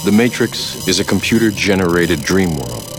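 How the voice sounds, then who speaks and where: A man's voice: sits low, expressive, normal speed. An actor playing a grave male mentor who solemnly explains a hidden truth, in a film clip. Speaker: film character. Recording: film clip over loud music. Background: loud music.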